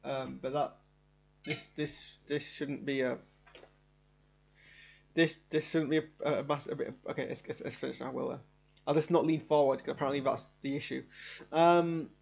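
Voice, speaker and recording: A man's voice: mid-range voice, fairly even intonation, normal speed, gravelly, long pauses. A man streaming a live show reaction from his home studio, rambling and enthusiastic as he talks it through.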